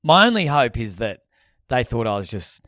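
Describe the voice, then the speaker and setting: A man's voice: medium pitch, moderate pace, no echo, studio quality. An Australian man co-hosting a podcast, telling sweary stories in casual banter. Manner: sweary storytelling, lively and animated. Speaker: podcast co-host.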